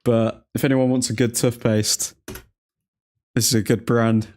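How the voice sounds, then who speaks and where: A man's voice: medium pitch, level tone, a little slow, a little mellow, a little hiss or hum. A man hosting a live watchalong stream, chatting casually, rambling between match moments and chat messages, and laughing often. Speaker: streamer host.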